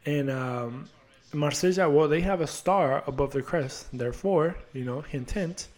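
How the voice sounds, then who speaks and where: A young man with a fairly high-pitched, darkish voice hosts a podcast, speaking at an unhurried pace. He rambles and jokes about soccer in casual chat, swearing and teasing himself along the way.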